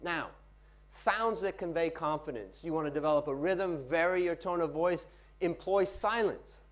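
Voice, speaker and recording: Guy teaching a room full of people, fairly high voice, punchy and expressive, switches soft to loud. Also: moderate pace. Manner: animated, varies loudness and pace for effect. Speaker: workshop speaker on pitching. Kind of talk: live presentation to an audience. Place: seminar room with audience.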